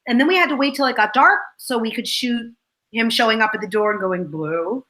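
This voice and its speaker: Bright-voiced woman telling set stories. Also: a little high, lively intonation, fast, rough recording. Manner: rambling behind-the-scenes storytelling. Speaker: actress, interview guest. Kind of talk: casual chat.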